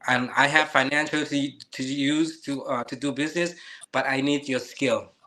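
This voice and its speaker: A man's voice: medium pitch, fairly even intonation, normal speed, sharp tone. A man in his fifties whose first language is Lao, speaking earnest, slightly non-native English in a casual chat. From Thailand. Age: 50s.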